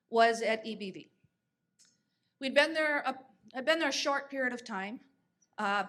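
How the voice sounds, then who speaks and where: A woman's voice: on the high side, fairly bright tone. A woman in her fifties, a podcast host telling stories in a chatty way, with fillers and restarts. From United States. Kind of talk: conversational storytelling.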